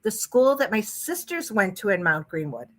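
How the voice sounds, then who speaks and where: A woman's voice: mid-range voice, sing-song, moderate pace. A woman guest telling stories in a casual podcast chat, chatty and enthusiastic about her hypnosis work.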